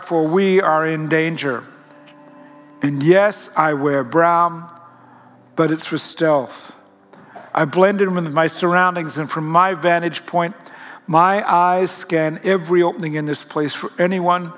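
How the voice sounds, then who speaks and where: A man's voice: a little high, steady tone, measured pace, fairly bright tone. A man playing a watchful, protective father who speaks firmly and insistently. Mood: firm, resolute. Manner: firm, insistent. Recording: long hall reverb.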